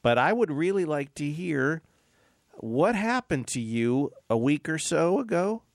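A man's voice: on the high side, very animated, a little slow, creaky, no room sound, studio quality. A man hosting an interview, chatty and joking with his guests. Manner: chatty, jokey. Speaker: interview host. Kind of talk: casual interview chat.

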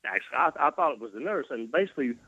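A man's voice: mid-range voice, expressive, rapid-fire, pushed and bright, breathy edge, no echo, muffled recording. A man from Mississippi, recovering from a near-death scare, telling his story with folksy self-deprecating humor as an interview guest. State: recovering from cardiac arrest.

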